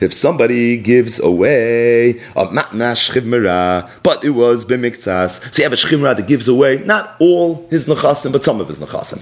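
A man giving a Talmud lecture in an animated, explanatory way, with Aramaic terms mixed into his speech. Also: medium pitch. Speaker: Talmud teacher.

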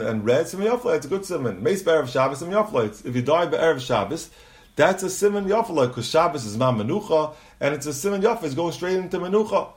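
A man teaching a Talmud lesson, reading Aramaic phrases and translating them into English as he goes. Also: fairly high pitch. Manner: reads Aramaic phrases then translates them in quick bursts.

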